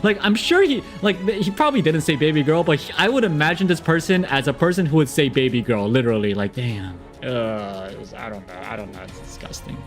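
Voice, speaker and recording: Guy on stream reading viewer messages, animated, keeps laughing, soft music under. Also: mid-range voice, a little fast, hardly any pauses. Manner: animated, laughing, chatty asides. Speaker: streamer giving relationship advice.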